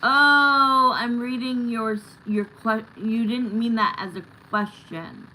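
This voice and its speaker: A woman's voice: fairly high pitch, fairly even intonation, slow pace, bright, forceful tone, slight background noise, low-quality recording. A middle-aged woman hosting a live tarot stream, chatting casually and bluntly with viewers and swearing now and then.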